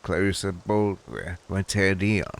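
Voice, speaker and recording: Male game streamer; deep, unhurried, wry muttered commentary. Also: animated, creaky.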